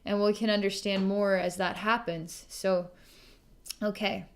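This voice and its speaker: Woman doing a psychic reading, lots of ums and sighs, soft little laughs, medium pitched voice. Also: level tone. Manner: musing, halting, with frequent ums and sighs. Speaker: psychic reader. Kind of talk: recorded psychic session.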